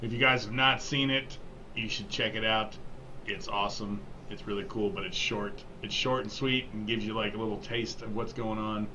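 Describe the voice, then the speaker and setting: A man's voice: on the low side, steady tone, moderate pace. A young man hosting a podcast, chatting casually in an upbeat way. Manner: upbeat, laughs easily. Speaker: podcast host. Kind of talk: casual chat. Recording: dull lo-fi sound with faint noise.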